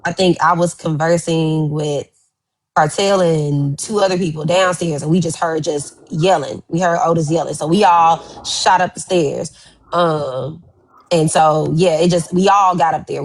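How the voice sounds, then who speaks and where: Woman, lowish voice, slangy, lots of like and um. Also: fairly even intonation, normal speed, poor audio. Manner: loose, filler-heavy slang. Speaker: witness guest. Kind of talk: casual recounting.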